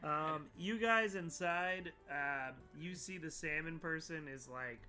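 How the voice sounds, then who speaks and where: A young man running a tabletop game as game master, animated, voicing characters and making sound effects. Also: a little high, slow, few pauses, faint music behind.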